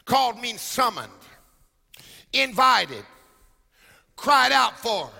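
A man preaching a sermon, chanting in a sing-song rhythm and shouting at the peaks, in a large church. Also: very high voice, animated, slow pace, creaky, long pauses. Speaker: pastor. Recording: church hall reverb with music.

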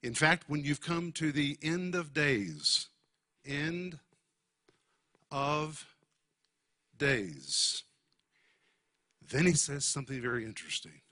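A man teaching a sermon on the Bible, emphatic and deliberate, spelling out Greek words for his listeners. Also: on the high side, bright, forceful tone.

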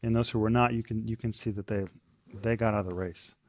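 A man's voice: lowish voice, steady tone, quick pace, a little mellow. A man sharing a thoughtful point in a group discussion, now and then restarting his phrases. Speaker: discussion participant.

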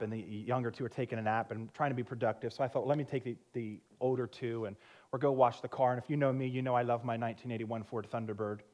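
A man's voice: mid-range voice, darkish tone. A male pastor, probably in his thirties, preaching a sermon and telling a personal story with frequent laughter and self-mocking humor.

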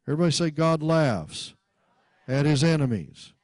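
A man's voice: a little high, expressive, slow pace, darkish tone, no echo. A man preaching a sermon, often breaking into laughter and calling on the congregation to repeat after him, stumbling and restarting as he reads verses. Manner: repeats and restarts words while reading scripture.

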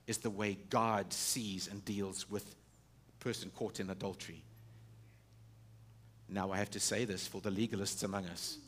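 This is a male preacher giving a sermon, leaning on rhetorical questions and frequently restarting. His delivery shifts from loud, emphatic lines to soft, low stretches.

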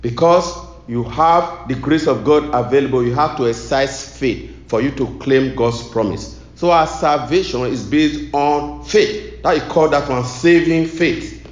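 A man's voice: medium pitch, measured pace, hardly any pauses, roomy sound. A male preacher delivering a sermon and prayer with a rhythmic, repetitive cadence.

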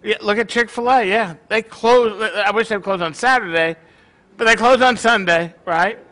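A man's voice: high voice, moderate pace, bright, forceful tone. A male pastor preaching a sermon in a joking, conversational way to his congregation.

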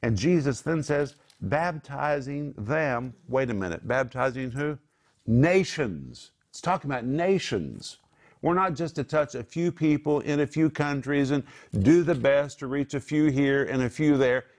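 A man gives Bible teaching on a Christian broadcast, pressing his points with an emphatic, preacher's rhythm. His voice sits at an ordinary middle pitch for a man. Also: expressive, moderate pace, a little mellow. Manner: emphatic preaching cadence, quotes scripture. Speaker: co-host of a Christian TV program.

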